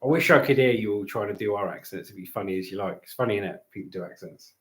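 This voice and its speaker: Speaking fast in a lowish voice, a middle-aged livestream host banters cheekily during a casual broadcast from home and reads chat messages aloud. The audio sounds roomy, with slight background noise.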